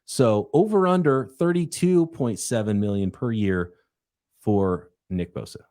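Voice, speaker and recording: A man's voice: fairly low pitch, unhurried, mellow. A man hosting a sports podcast, chatting casually and rambling with fillers and restarts. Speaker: podcast host.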